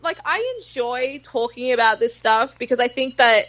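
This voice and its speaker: A woman's voice: a little high, normal speed, fairly bright tone. An Australian woman, a guest on a podcast, chatting casually and swearing freely, with lots of "like" fillers.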